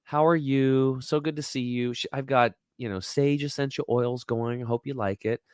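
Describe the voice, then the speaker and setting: Male guest playing a bubbly, friendly female masseuse, higher voice. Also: steady tone, normal speed, clear, resonant tone, no echo, studio quality, lightly acted. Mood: welcoming. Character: chirpy friendly female massage therapist.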